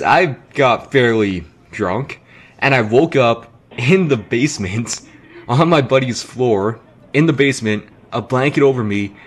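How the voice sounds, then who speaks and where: Young man, casual animated storyteller for game commentary. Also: mid-range voice. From Canada. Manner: animated, acts out quotes, swears freely. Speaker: gaming commentator.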